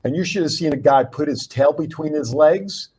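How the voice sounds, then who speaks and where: A man hosting a round-table talk show, telling stories in a lively way and acting out his own shouts. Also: fairly high pitch, moderate pace, slightly rough, rough recording. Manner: animated storyteller, acts out yelling. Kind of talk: casual round-table chat.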